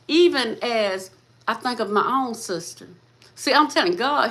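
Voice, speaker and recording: A woman's voice: on the high side, lively intonation, measured pace, fairly bright tone. A woman hosting a faith-based motivational talk, speaking fervently, repeating her lines and calling listeners "sis" and "baby". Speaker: host of a motivational channel.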